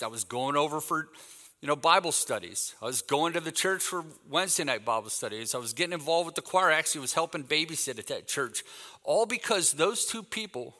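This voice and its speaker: Man, fifties, guest preacher, bright fairly high voice, storytelling sermon, acts out dialogue, long hall reverb. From Texas. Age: 50s. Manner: animated anecdotal storytelling, acts out quoted dialogue. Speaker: guest speaker.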